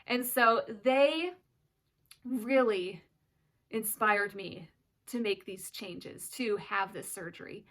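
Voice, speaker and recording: A woman's voice: medium pitch, slow, fairly bright tone. Earnest, emotional young mother. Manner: earnest and emotional, close to tears at times. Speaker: mother of twin daughters sharing her story. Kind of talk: personal vlog, candid storytelling.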